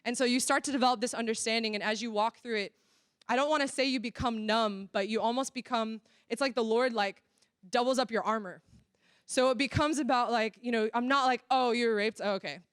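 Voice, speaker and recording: A woman's voice: a little high, a little fast, fairly bright tone, clear, resonant tone, dry recording, clean studio sound. A woman giving an earnest, candid church workshop talk, full of casual fillers. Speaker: workshop speaker. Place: church venue.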